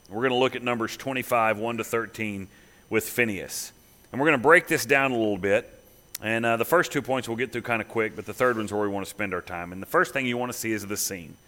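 A pastor preaching a sermon, reading scripture and retelling it in a relaxed, conversational way. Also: male voice, lowish voice.

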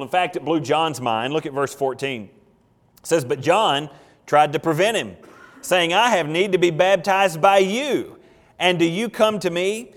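A male pastor preaching an emphatic sermon, asking questions and acting out quotes. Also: high voice. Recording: long hall reverb.

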